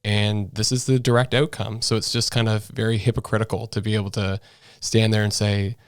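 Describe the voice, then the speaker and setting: A man's voice: lowish voice, little pitch movement, fairly quick, no echo, clean studio sound. A man from New Brunswick co-hosting a casual political podcast, chatty and rambling, often laughing. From New Brunswick, Canada. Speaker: podcast co-host.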